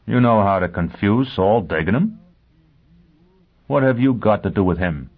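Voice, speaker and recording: A hard, single-minded hunter who talks in short, blunt lines, as a male audiobook reader voices him. The voice is very deep. It is squeezed into a thin, phone-like band. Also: animated, normal speed. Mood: probing. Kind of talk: audiobook character voice. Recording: tinny phone-like sound.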